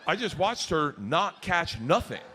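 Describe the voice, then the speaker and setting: A middle-aged man doing a stand-up comedy set, telling stories loudly with shouted punchlines, recorded live on stage with audience noise. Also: a little high, measured pace. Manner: loud, animated storytelling with shouted punchlines.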